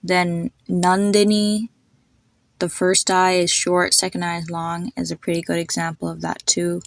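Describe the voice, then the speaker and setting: A woman's voice: on the low side, completely flat delivery, vocal fry, no room sound. Woman patiently explaining pronunciation on a podcast. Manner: patient, spells out names and slows down to demonstrate sounds. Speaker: podcast host.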